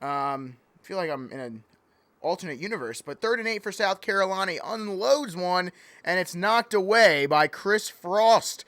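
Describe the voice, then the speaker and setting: High, smooth-voiced male play-by-play caller. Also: animated, moderate pace, fairly bright tone, no room sound. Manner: playful, rambling, easily sidetracked. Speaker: play-by-play commentator. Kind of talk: joking mock sports commentary.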